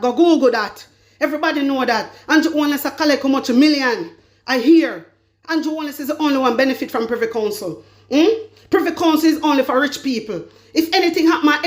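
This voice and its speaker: High-voiced Jamaican woman ranting. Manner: emphatic, scolding, repeats herself. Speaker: commentary vlogger. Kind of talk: political commentary rant.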